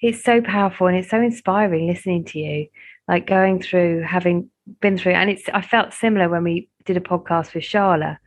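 A woman's voice: on the low side, moderate pace. A woman, hosting a podcast in casual chat and speaking with effusive praise. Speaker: podcast host.

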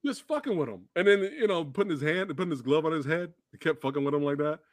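Excitable high-voiced man gushing about movies. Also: fast, no echo, clean studio sound. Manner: excitable, profane, acts out movie quotes. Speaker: podcast host. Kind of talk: casual movie chat.

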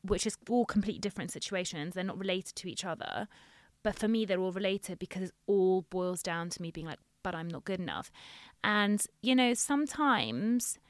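Woman, dentist guest, earnest, reassuring, candid podcast chat, mid-pitched, dry close sound. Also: brisk, no echo.

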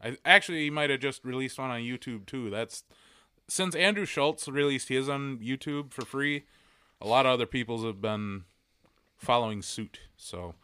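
A man's voice: medium pitch, normal speed, pushed and bright, smooth, dry recording, clean studio sound. A man co-hosting a podcast, chatting casually and recommending comedy specials. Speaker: podcast co-host.

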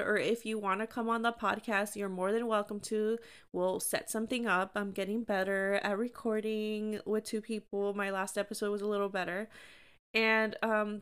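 A woman's voice: a little high, bright, forceful tone, clear, resonant tone. A young woman hosting her own podcast, talking candidly and encouragingly in a chatty way with lots of fillers. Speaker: podcast host. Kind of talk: casual solo podcast talk.

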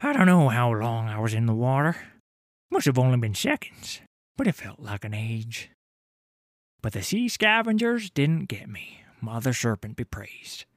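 An actor playing a grizzled, boastful old sailor telling a tale in a tavern, in rough dockside dialect that drops to whispers and rises to roars. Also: male voice, medium pitch, big pitch swings, moderate pace, no echo, clean studio sound, close to an everyday voice. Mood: spinning yarn. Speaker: tavern storyteller. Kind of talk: dramatic audio story narration.

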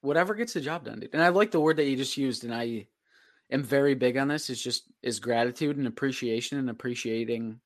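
A man's voice: mid-range voice, brisk. A man co-hosting a casual podcast, laid-back and reflective, using easygoing slang. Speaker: podcast co-host, real estate agent.

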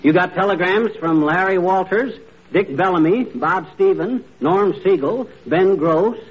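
An actor playing a blustering middle-aged husband who fakes an injury, groaning theatrically in 1940s radio comedy style. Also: male voice, high-pitched, measured pace, husky. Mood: complaining. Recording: muffled old radio broadcast with studio audience.

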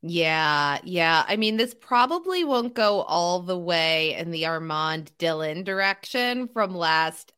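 Woman on a podcast musing out loud, wry asides, lively voice that goes up and down. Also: lowish voice, takes it slowly, hardly any pauses, clean tone. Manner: thoughtful, talks things through with "um" and asides. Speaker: podcast co-host. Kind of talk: casual chat.

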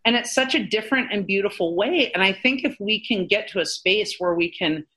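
A woman co-hosting a podcast as a paranormal researcher, speaking earnestly in animated, quick bursts. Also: mid-range voice. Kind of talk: casual podcast discussion.

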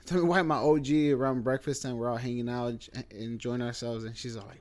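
Man in casual chat, storyteller, profane, filler-heavy, mid pitch. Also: fairly even intonation, brisk, hardly any pauses, a little mellow. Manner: loose, profane, filler-heavy, says bro a lot.

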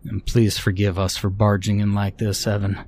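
A man's voice: on the low side, monotone, moderate pace, darkish tone, slight background noise, lightly acted. A man voicing a small-town mayor who reasons carefully and hesitates with fillers. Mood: hesitant.

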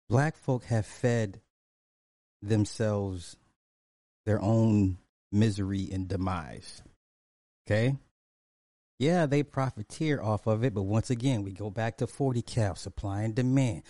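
A man hosts a casual commentary stream, drawing his words out slowly and repeating points for emphasis. His voice is dark and mellow. It is recorded dry, close to the mic. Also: on the low side, dry recording. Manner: drawling, repetitive, emphatic, chuckles often. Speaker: commentary show host.

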